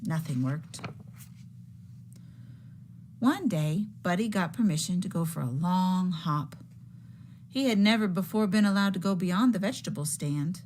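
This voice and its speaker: A woman teacher reading a picture book aloud to children in a slow, expressive storytelling manner. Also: lowish voice, a little hiss or hum.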